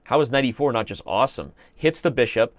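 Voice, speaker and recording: A man's voice: mid-range voice, lively intonation, quick pace, no room sound. Chatty man commenting on live chess. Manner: chatty and joking, with playful asides. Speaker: chess commentator and show host.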